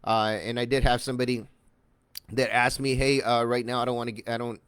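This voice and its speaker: A man's voice: medium pitch, little pitch movement, a little fast, a bit bright, clean tone, dry recording. Casual man walking through a screen-share tutorial. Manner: loose and conversational, many fillers, greets viewers by name. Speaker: online marketing instructor.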